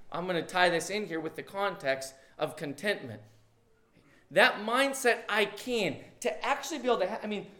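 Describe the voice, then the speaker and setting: A man, a pastor, preaching a sermon in a conversational way, with sudden loud emphasis on key words. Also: high voice.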